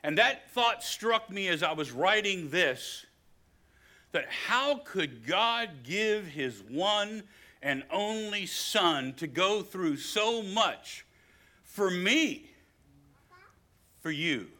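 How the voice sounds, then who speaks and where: An older man from West Virginia with a West Virginian accent, preaching a sermon that swings from hushed storytelling to loud, emphatic preaching. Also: sits high, animated, very slow. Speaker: pastor.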